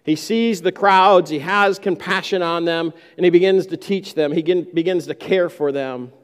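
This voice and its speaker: A man's voice: high voice, normal speed, in a large hall. A man preaching a sermon, who acts out the disciples' complaints in a raised voice. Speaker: pastor.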